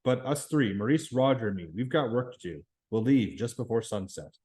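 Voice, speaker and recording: A man's voice: mid-range voice, lively intonation, moderate pace, darkish tone, close to an everyday voice. A man reading a bossy schoolboy chief. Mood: commanding.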